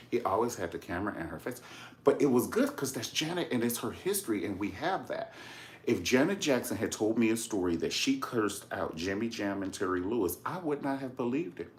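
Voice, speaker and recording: A man's voice: lowish voice, brisk, a little hiss or hum. A man giving a sassy, campy video review in casual commentary, calling the listener honey and swearing freely. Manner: animated storyteller, swears casually. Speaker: documentary reviewer, channel host.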